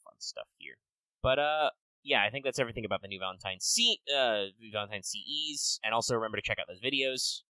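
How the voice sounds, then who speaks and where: A man co-hosting a podcast in casual chat, rambling and swearing with quick bursts of excitement. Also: lowish voice, no room sound, rough recording. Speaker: podcast co-host.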